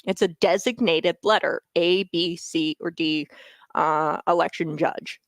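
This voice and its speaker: A woman hosts a political talk radio show, delivering opinionated commentary and growing heated as she repeats phrases for emphasis. Her pitch is fairly low with fairly even intonation, she speaks at a measured pace, and there's no echo.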